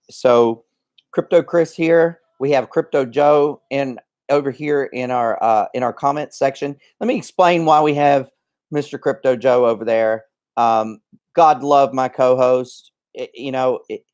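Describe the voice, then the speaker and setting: A man hosting a casual livestream who rambles along with plenty of ums and restarts. He sounds a little out of breath. His voice sits at an ordinary middle pitch. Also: a little mellow. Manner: rambling, chatty, many fillers and restarts. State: slightly out of breath. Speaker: livestream host.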